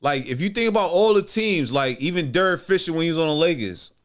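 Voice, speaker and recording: A man telling a long career story on a podcast. His voice is smooth and resonant. He talks in a laid-back, slangy way and slips into the voices of the people he quotes. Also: fairly high pitch, animated, quick pace. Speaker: podcast guest, former basketball player. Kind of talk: casual storytelling interview.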